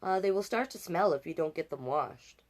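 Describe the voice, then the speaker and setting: A woman's voice: lowish voice, lively intonation, normal speed. A woman doing a coaxing, worried mother.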